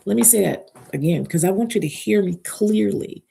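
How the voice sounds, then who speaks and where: A woman's voice: medium pitch, normal speed, gravelly, hardly any pauses, dark tone, breathy edge. A woman speaking as a relationship speaker in a live motivational talk. She talks emphatically, spells out key words letter by letter, and asks listeners to repeat after her.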